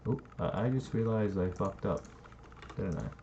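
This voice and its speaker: Man, deep mellow voice, loose rambling game-building commentary; dull lo-fi mic, faint keyboard noise. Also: normal speed. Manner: rambling, thinking aloud, swears casually. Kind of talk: casual screen-recording commentary.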